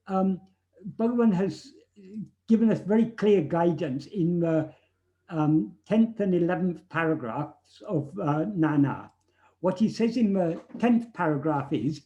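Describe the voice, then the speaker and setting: A man with a fairly high voice and a dark, mellow tone explains things carefully and earnestly. He often repeats himself and restarts with fillers. The sound is muffled, as on a video call. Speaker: speaker answering questions on spiritual teachings. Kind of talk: thoughtful explanatory talk over a video call.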